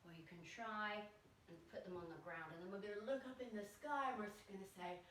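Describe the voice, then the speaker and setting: A woman's voice: medium pitch, a little fast, fairly bright tone, slight background noise. A woman leading a children's yoga class, giving cheerful step-by-step instructions. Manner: encouraging, sing-song instructions with animal sounds. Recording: echoey room, voice from a distance.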